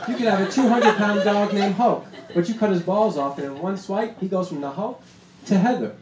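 A man's voice: high voice, a little fast, a loud crowd. Stand-up comic man in a roomy club. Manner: punchy deadpan delivery with acted-out quotes. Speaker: stand-up comedian. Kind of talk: stand-up set. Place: comedy club stage. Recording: roomy club sound with noise. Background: audience laughter.

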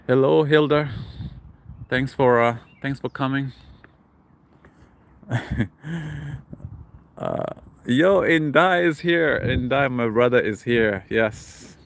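A man's voice: medium pitch, slow pace, creaky, long pauses, a little hiss or hum. Man live-streaming from a park walk. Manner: reads viewer comments aloud and greets them. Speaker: livestream vlogger. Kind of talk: casual live chat reading comments. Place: outdoors in a city park.

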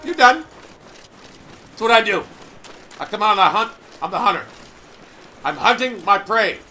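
A loud, hyper man giving boastful, trash-talking commentary over his gameplay. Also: high voice, normal speed, a little hiss or hum. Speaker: gamer.

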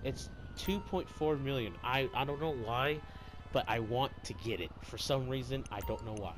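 A young man chatting casually while gaming, excitable, joking and taunting his friends. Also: mid-range voice, moderate pace, over music. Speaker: gamer. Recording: voice chat over loud game noise.

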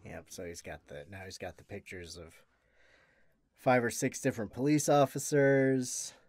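A man co-hosting a podcast, chatting casually about a film in a rambling, halting way with many restarts. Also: mid-range voice, animated, darkish tone, dry recording. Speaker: podcast co-host.

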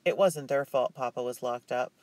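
An earnest, stubborn young girl from a storybook, as a male reader puts her on. The voice sits a little higher than plain talk and keeps a proud, impatient edge. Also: moderate pace, a little mellow, no echo, natural voice.

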